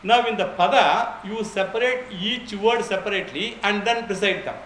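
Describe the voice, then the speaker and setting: A man's voice: sits high, normal speed, a bit bright, roomy sound, a little hiss or hum, poor audio. A man giving an informal spoken lecture on Vedic chanting, explaining with anecdotes and frequent restarts.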